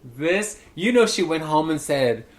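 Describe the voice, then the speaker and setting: Campy guy telling stories on a podcast, gravelly voice, chatty. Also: medium pitch, normal speed. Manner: campy, animated storyteller. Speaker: podcast host. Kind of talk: casual chat storytelling.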